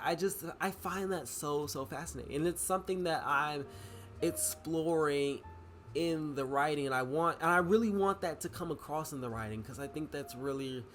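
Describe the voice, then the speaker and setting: A man's voice: medium pitch, a bit bright. A young man chatting casually in a vlog, rambling with many fillers and restarts. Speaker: vlogger and writer.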